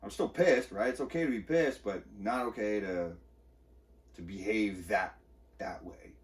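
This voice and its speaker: A man's voice: lowish voice, unhurried, far from the mic. A man hosting a podcast, telling a personal story of an argument in a candid, agitated, profane way. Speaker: podcast host. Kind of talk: personal monologue.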